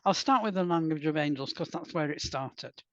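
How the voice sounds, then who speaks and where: Woman author, soft lyrical reader, lo-fi dry audio. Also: low voice, no room sound. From Wales. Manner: soft, unhurried, lyrical reading. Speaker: guest author and poet. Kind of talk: podcast interview with poetry reading. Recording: dull lo-fi dry sound.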